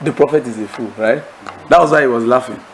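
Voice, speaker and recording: A man preaching to a Bible study class, telling stories in an animated way, acting out laughter and asking the audience leading questions. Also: medium pitch, quick pace, poor audio. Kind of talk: sermon-style teaching to a congregation.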